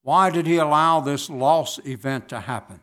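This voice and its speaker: A man preaching a sermon in a slow, deliberate way with measured pauses. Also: on the high side, a bit bright.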